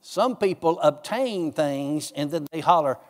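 A man preaching a sermon, telling stories and acting out his own dialogue with God in a raised, lively voice. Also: sits high, normal speed, long reverb tail. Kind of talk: sermon with storytelling.

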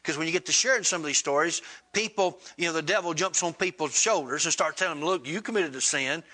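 Fast, pushed and bright, this man's voice carries a sermon built around a story told in plain, folksy language. He plays both parties in the dialogue, lifting his pitch as he quotes them and using Southern colloquial grammar.

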